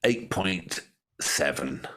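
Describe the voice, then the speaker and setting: A man with an English accent co-hosting a music reaction show, joking and laughing in relaxed banter. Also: sits low, very slow. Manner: joking, laughs often, playful. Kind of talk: casual banter.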